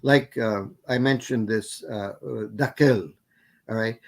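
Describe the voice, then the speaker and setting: A man's voice: lowish voice, fairly even intonation, unhurried, gravelly. A man giving a guest lecture, answering questions at length and often correcting himself with fillers. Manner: rambling, self-correcting with many fillers. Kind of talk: academic Q&A answer.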